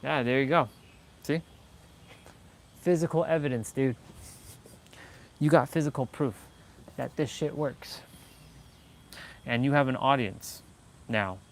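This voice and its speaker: A man's voice: medium pitch, slow, long pauses. A man hosting a motivational livestream, talking in a blunt, rambling way with many restarts and fillers. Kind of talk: casual live-stream monologue.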